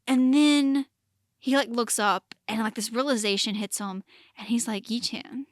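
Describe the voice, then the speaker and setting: A woman co-hosting a casual podcast, talking about a TV drama in an animated way and full of fillers as she acts out lines. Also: on the high side, moderate pace, no room sound, clean studio sound. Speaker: podcast co-host.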